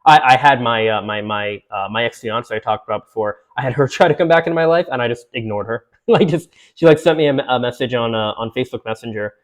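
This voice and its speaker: A young man in his twenties chats loosely to his viewers. He rambles and restarts sentences, and fillers, laughs and the odd swear word break up his talk at an ordinary middle pitch. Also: fast talker, few pauses. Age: 20s. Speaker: vlogger. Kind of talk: casual chat to camera.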